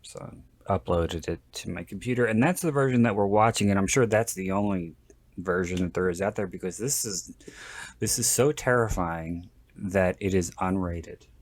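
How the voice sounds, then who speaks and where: Rambling low-voiced male podcast host. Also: moderate pace. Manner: rambling, self-interrupting, jokey. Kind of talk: casual chat.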